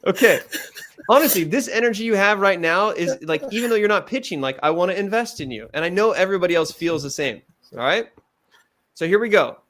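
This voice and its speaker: A man giving direct, animated feedback as a pitch coach, acting out examples as he goes. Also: brisk.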